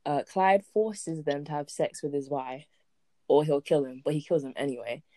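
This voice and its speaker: Low-voiced woman co-hosting a movie chat. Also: mellow, dry recording, studio quality. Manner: jokey, quick interjections, summarizing plot. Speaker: podcast co-host. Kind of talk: casual movie review chat.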